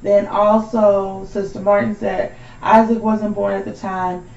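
A woman's voice: medium pitch, flat delivery, unhurried, creaky, darkish tone, reverberant, highs cut off. A woman taking part in a Bible study group discussion, speaking thoughtfully and passing along comments from others. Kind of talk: group discussion, reading aloud.

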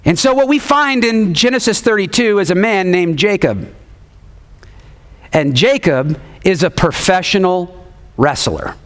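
Animated male pastor preaching. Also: high-pitched, a little slow. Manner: animated storytelling, repeats refrains, calls on the congregation. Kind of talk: sermon.

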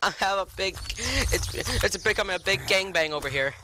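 A young man giving excitable let's-play commentary, yelping and laughing at in-game scares. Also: sits high, brisk, noisy background. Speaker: gaming video creator.

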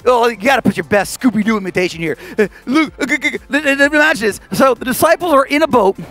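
Children's pastor, male, bright high voice, playful storyteller, soft music bed. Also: fast talker. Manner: animated, playful, acts out voices. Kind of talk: kids' Bible lesson. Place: church kids' stage.

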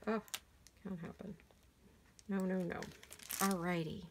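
A hoarse middle-aged woman chats away as she crafts in her home studio, her voice rough and gravelly with a froggy edge. She rambles casually from one thought to the next while working with her hands. A faint hiss sits under the recording. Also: mid-range voice, unhurried, pauses often. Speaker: crafting channel host. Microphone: camera mic while sitting back from a craft table.

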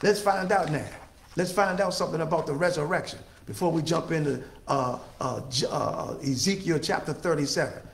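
A man's voice: on the high side, moderate pace, echoey room. A man preaching a sermon with call-and-response, stretching out his key phrases for emphasis.

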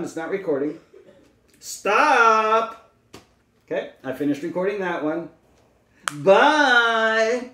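A speech-language pathologist, a man with a slightly high voice, walks through a demonstration step by step, patient and full of small fillers. He sits back from the microphone, and the room adds a noticeable echo. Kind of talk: instructional demonstration. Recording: roomy, mic at a distance.

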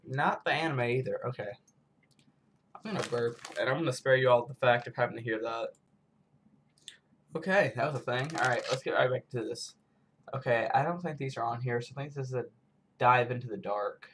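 A man's voice: medium pitch, fairly bright tone, slight background noise. A man from the United States rambling through a casual snack taste-test vlog, full of self-mocking asides. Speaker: vlogger.

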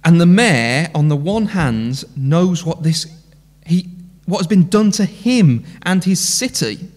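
A man's voice: a little high, lively intonation, slow, darkish tone. A man preaching an impassioned sermon in a church, full of rhetorical questions. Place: church hall. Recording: long church hall reverb.

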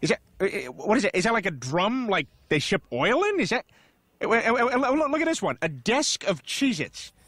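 An actor playing a flustered, stammering cartoon man in an animated sitcom. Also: high voice, a little fast, dry recording, full character voice. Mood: baffled. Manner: stammering, incredulous. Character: baffled, flustered cartoon man reading orders.

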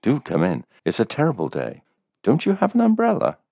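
A man's voice: mid-range voice, wildly swooping pitch, brisk, vocal fry, darkish tone, no room sound, studio quality, pitched above the performer's own voice, full character voice. A man reading a story voices a sympathetic landlady in her forties, speaking in a raised, lighter tone. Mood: concerned. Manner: solicitous, sympathetic.

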